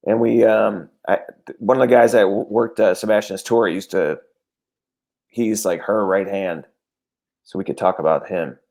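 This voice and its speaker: Comedian guy on a podcast, low and gravelly, kinda halting, lots of ums. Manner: relaxed, halting with fillers. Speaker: guest comedian. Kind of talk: casual chat.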